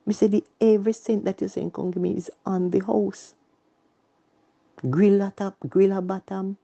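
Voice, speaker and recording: Gravelly dark Jamaican woman. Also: medium pitch, flat delivery, normal speed, muffled recording. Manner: earnest, repetitive, speaks in Jamaican Patois. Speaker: caller telling her story. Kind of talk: emotional personal testimony.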